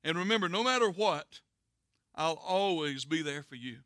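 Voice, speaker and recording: Preacher doing a determined dad, tender and reassuring, kinda high voice. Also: male voice, lively intonation, moderate pace, fairly bright tone, no echo, clean studio sound. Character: loving determined father, adult man.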